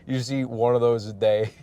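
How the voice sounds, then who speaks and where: A man's voice: fairly even intonation, moderate pace, mellow, dull audio. A man from Michigan, a stand-up comic hosting his podcast, rambling casually and profanely with frequent laughs while driving. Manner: profane, laughs often, restarts and trails off. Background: faint vehicle rumble.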